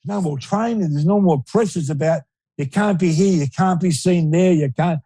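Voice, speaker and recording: Older Australian ex-footballer guest, rambling and repetitive, a bit high-pitched, dry sound. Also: male voice, normal speed, dark tone, no room sound, rough recording. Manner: rambling, repeats words, laughs easily. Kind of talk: casual storytelling interview.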